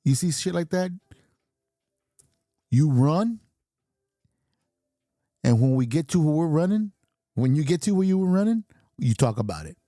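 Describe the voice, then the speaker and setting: A middle-aged man rants bluntly through his podcast monologue, cursing constantly and chuckling at his own lines. His voice is warm and mellow. The sound is dry, with no room echo. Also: fairly high pitch, expressive, measured pace, long pauses. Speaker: podcast host. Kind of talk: profane ranting monologue.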